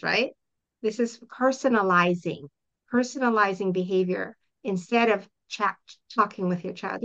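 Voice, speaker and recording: Bright-voiced middle-aged woman coaching parents. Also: mid-range voice, moderate pace. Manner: earnest, explanatory, acts out example dialogues. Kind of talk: interview answers. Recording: dull lo-fi audio.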